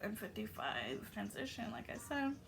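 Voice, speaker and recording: A woman's voice: mid-range voice, sing-song, normal speed, creaky, over music. A woman giving a casual spiritual message to her viewers, affectionate and encouraging, with loose fillers. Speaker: spiritual YouTube channeler.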